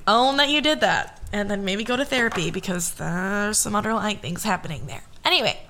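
A woman's voice: medium pitch, expressive, a little fast, sharp tone, slight background noise. A young woman hosting a podcast, chatting casually with lots of filler words and swearing. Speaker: podcast host.

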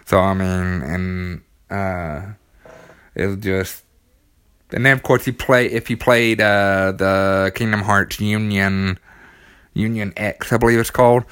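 A man's voice: low-pitched, a bit bright, smooth, dry recording. A man with a small child, talking casually about a video game, with lots of ums and restarts. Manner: rambling, many ums and restarts, enthusiastic. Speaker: gaming commentator.

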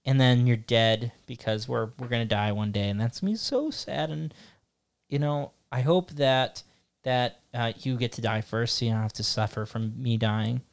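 A man's voice: medium pitch, normal speed, gravelly. A young man hosting his podcast, chatting casually in a rambling, jokey, playful way. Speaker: podcast host. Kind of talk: casual chat.

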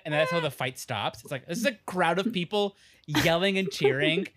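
A woman co-hosting a casual podcast, recapping an episode and jumping into quick character impressions. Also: fairly low pitch. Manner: animated, acts out characters in quick voices. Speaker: podcast co-host.

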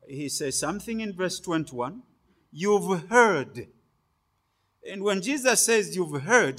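A male preacher with a high, bright voice delivering a sermon. He speaks slowly and deliberately, phrase by phrase, and hits key words with sudden loud emphasis.

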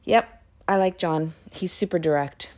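A woman's voice: on the low side, a little slow, darkish tone. A woman casually reading scripture aloud and chatting about it, dropping now and then into whispered asides. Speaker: Bible reading podcaster. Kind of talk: casual Bible reading and commentary.

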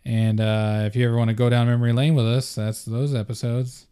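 A man's voice: medium pitch, flat delivery, brisk, dark tone, smooth. A young man co-hosting a podcast, chatting casually in a laid-back, joking way with a lot of swearing. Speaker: podcast co-host. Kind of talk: casual chat.

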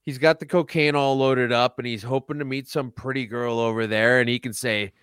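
A man's voice: mid-range voice, fairly even intonation, a little fast, few pauses, fairly bright tone, clean tone, no echo, studio quality. A man co-hosting a podcast in casual chat, sarcastic and joking as he mocks what he reads. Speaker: podcast co-host.

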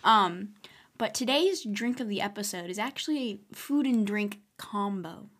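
A woman's voice: medium pitch, lively intonation, moderate pace, fairly bright tone. A teenage girl co-hosts a casual podcast at home, her voice sitting in a middle register. She chats eagerly and laughs easily, with a bubbly, chatty manner. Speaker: podcast co-host. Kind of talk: casual chat. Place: bedroom, doing hair and nails.

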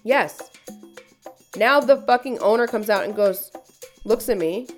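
A woman's voice: a little high, measured pace, faint music behind. A woman podcast host telling a story in casual chat, swearing freely and ranting. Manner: profane, heated storytelling rant.

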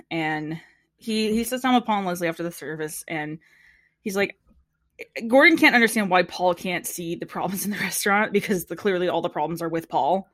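Female podcast co-host, mid pitch, chatty recap with quoted bits, dry close sound. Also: moderate pace, no echo. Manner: animated storytelling, quotes people in put-on voices, laughs often. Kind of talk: casual recap chat.

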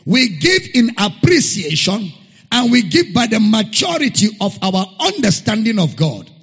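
A pastor preaching a sermon, emphatic and repetitive, sometimes singing words. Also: male voice, sits high, big pitch swings, unhurried, fairly bright tone, husky. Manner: emphatic, repeats key phrases, sings some words. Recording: dull lo-fi recording in a reverberant hall.

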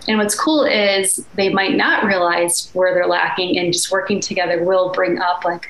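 A woman's voice: fairly low pitch, moderate pace, few pauses, a bit bright, echoey room, poor audio. A woman with a Chicago accent, a coach being interviewed, explaining her approach in an earnest, reflective way with casual "like" and "um" fillers. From Midwest United States. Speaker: coach, podcast guest.

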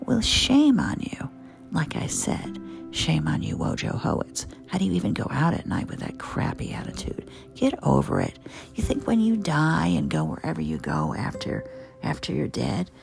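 Gravelly, animated woman hosting a cooking show. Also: low voice. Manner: animated, opinionated, playful asides. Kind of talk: casual chatty cooking show talk. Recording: guitar music behind the voice. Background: guitar music.

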